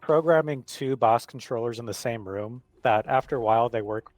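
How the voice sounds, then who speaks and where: A man's voice: medium pitch, moderate pace, darkish tone, no room sound. A man, a game programmer, explaining his work plainly and with pride while he plays. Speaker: game programmer racing in a speedrun. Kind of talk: casual chat while playing.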